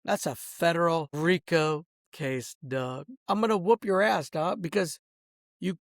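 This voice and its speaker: A man with a somewhat high voice and slightly slow pace rants angrily outdoors, swearing and calling people "bro" and "dog" as he speaks straight to them. He's the host, and the studio-quality recording is dry.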